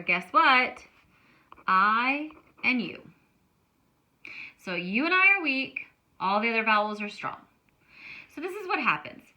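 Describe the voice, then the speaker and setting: A woman teaching a Spanish grammar lesson, explaining slowly and stretching words out to show how they sound. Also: on the high side, sharp tone.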